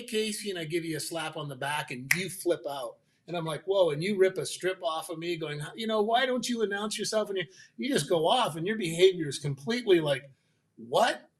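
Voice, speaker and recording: A man with a fairly high voice explains his ideas as a guest on a faith-based talk show. He tells his examples in a lively way and acts out the voices of the people he quotes. His voice sounds a little distant from the mic. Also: a little fast, few pauses. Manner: animated storyteller, acting out quoted voices. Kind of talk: conversational explanation.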